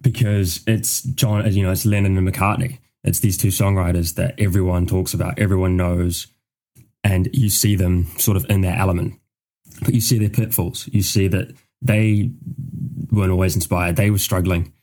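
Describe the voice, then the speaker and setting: A man co-hosting a podcast in relaxed casual chat, speaking in a measured way with frequent filler phrases. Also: low-pitched. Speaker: podcast co-host.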